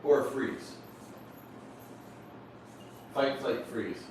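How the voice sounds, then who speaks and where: A man leading a motivational workshop, lively and questioning his audience, often telling them to write points down. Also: mid-range voice, very slow, a little hiss or hum. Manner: animated, questions the audience, repeats instructions. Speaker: seminar speaker. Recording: echoey room from far off.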